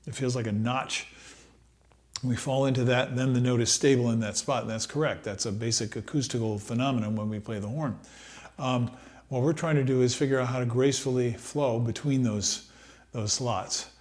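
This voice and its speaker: A middle-aged man giving a relaxed trumpet lesson, thinking aloud with many pauses and fillers. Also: medium pitch. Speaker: trumpet teacher. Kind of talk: relaxed practice-room lesson.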